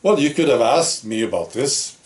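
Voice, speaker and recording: A man's voice: mid-range voice, lively intonation, normal speed. A man hosting his own opinion vlog, talking in a blunt, sarcastic, plain-spoken way. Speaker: channel host.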